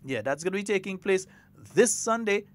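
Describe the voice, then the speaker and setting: A man's voice: high voice, animated, fairly quick. Chatty Grenadian radio host, man. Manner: chatty, playful, mixes creole with standard English. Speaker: radio talk show host. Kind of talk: casual morning radio chat.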